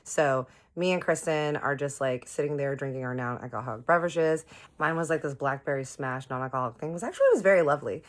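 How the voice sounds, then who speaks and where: A woman's voice: deep voice, fast talker. A woman telling a personal story to her viewers in a casual, chatty way, acting out what people said. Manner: chatty, animated retelling with quoted voices. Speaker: storytime vlogger.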